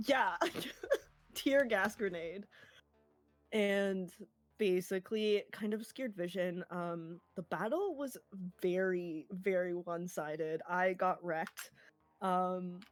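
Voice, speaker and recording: Brief: woman game master, giggly and chatty, dry close mic, soft music under. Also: fairly low pitch, dry recording. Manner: giggly, quick asides. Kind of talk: recapping and running a tabletop game.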